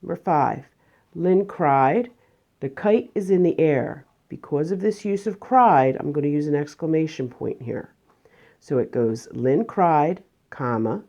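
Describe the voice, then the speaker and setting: A woman teacher calmly walking students through a grammar review step by step in a remote lesson. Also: deep voice, muffled recording. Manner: patient, step-by-step explaining.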